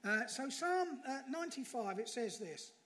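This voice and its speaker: A man's voice: very high voice, very animated, normal speed, a bit bright. A man preaching a sermon in church, telling a story in a conversational way and asking rhetorical questions.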